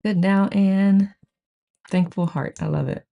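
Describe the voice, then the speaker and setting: Gravelly-voiced host on a live stream, greeting everyone by name, gushy and chatty. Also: mid-range voice, fairly even intonation, slow pace, muffled recording. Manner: greets each viewer by name and reads the chat aloud; chatty, gushing, frequent "I love it". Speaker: host of a live book-study group. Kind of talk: casual live-stream chat.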